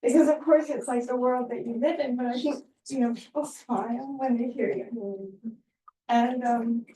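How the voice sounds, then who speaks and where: A woman speaking at an academic conference, giving a halting, heartfelt tribute with many fillers, recorded in a lecture room. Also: a little high, fairly even intonation, dark tone, a little hiss or hum. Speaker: invited speaker. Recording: echoey room, distant mic.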